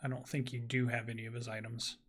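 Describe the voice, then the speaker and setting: A man narrating a tabletop game as game master, talking haltingly, with many ums and restarts. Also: mid-range voice, flat delivery, a bit bright.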